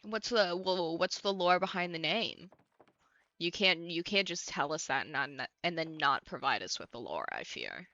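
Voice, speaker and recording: A woman's voice: fairly low pitch, lively intonation, moderate pace, pushed and bright, no room sound, dull audio. A young woman from the United States streaming a game, chatting casually and ranting bluntly with plenty of swearing. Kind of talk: casual stream chat while playing.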